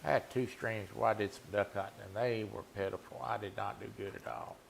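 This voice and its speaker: A man's voice: on the low side, steady tone, brisk, vocal fry, slight background noise. A man streaming a hunting game, chatting and teasing viewers in a laid-back way. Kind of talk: casual gameplay chat with viewers.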